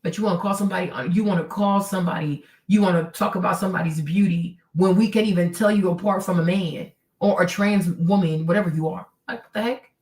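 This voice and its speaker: A woman's voice: lowish voice, fast talker, hardly any pauses, a little mellow, reverberant, distant mic. A woman hosting her own stream, ranting in casual commentary, sarcastic and profane, often mimicking people she talks about. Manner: heated, sarcastic, profane, mimics others in quotes. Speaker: streamer host.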